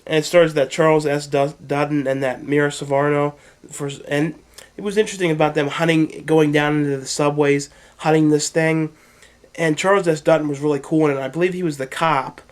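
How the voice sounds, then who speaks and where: Dude rambling about his horror dvds, kinda high voice, says like a lot. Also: steady tone, brisk. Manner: rambling, heavy use of "like" and "you know". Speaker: vlogger reviewing his horror DVD collection. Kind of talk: casual off-the-cuff review.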